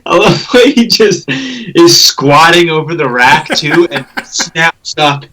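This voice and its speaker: A man co-hosting a podcast, rambling quickly about a movie scene with laughs mixed in. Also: fairly high pitch, bright, forceful tone, low-quality recording. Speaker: podcast co-host. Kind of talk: casual chat.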